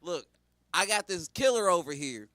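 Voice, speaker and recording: A man's voice: high voice, very animated, moderate pace, bright, forceful tone, no room sound, heavily acted. A man doing pleading Pontius Pilate.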